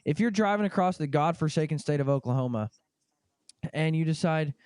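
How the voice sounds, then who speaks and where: Podcast host, Midwestern male, clear smooth voice, friendly chat, dry sound. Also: a little high, expressive, fairly quick, darkish tone, no room sound. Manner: friendly, reads a sponsor plug conversationally. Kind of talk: casual interview chat.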